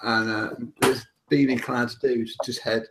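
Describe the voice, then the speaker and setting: Excitable man on a chat show. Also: medium pitch, unhurried, noisy background. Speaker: co-host. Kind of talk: casual chat.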